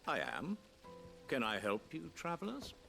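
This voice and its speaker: A man's voice: a little high, big pitch swings, measured pace, vocal fry, pushed and bright, faint music behind, full character voice. A man voicing a guarded male merchant fixer in a video game. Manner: guarded, knowing.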